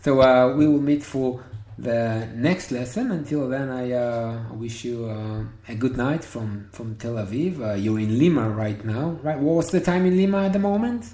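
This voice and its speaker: A man teaching Hebrew one-on-one over a video call, patient and encouraging, repeating words slowly. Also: medium pitch, dark tone. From Israel. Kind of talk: one-on-one online language lesson. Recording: roomy video call audio.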